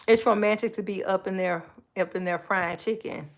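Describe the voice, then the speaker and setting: A woman in her forties chatting casually on a livestream from her kitchen, sassy and expressive, laughing often and giving advice to viewers she calls girl and baby. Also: medium pitch, a little slow, pauses often. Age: 40s. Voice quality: expressive, laughs often, Southern Black American vernacular turns. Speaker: livestream host. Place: home kitchen.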